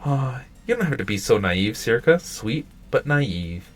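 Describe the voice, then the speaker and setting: A man's voice: mid-range voice, very animated, a little slow, a little hiss or hum. A man reading aloud in a raised, drawling voice as a lazy, sly schoolgirl who leads the club. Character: lazy, scheming older schoolgirl, president.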